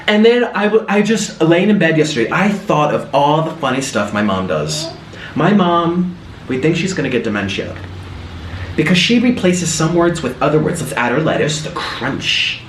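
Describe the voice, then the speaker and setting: A young man talks through a cooking vlog, his slightly high voice swinging lively up and down. He tells family stories with gasps and mimicked voices. The sound is roomy and a little distant from the mic. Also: a little hiss or hum. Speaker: food vlogger.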